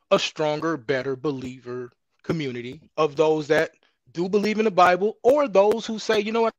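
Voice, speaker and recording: Guy on a panel call explaining his plan slowly, highish voice, dry close sound. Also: dry recording, muffled recording. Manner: calm explaining, repeats "right?". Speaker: panel guest. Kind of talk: debate on a panel.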